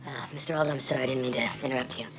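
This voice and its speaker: A man's voice: mid-range voice, fairly even intonation, racing, lightly acted. An actor playing a nervous, apologetic dentist who stammers while asking for his money back, in a film. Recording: dull film soundtrack with music.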